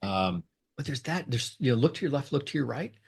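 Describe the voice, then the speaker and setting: A man's voice: fairly quick, vocal fry, slightly rough. A middle-aged man, a lawyer and negotiator, talking as a guest in a conversational interview, with many fillers and restarts. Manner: rambling with many fillers and restarts, lively pitch jumps.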